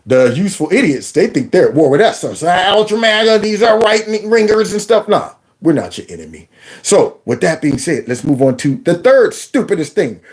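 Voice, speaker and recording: A man's voice: high-pitched, big pitch swings, normal speed. A man hosting a political commentary vlog, folksy and storytelling, who keeps calling his audience y'all. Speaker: host.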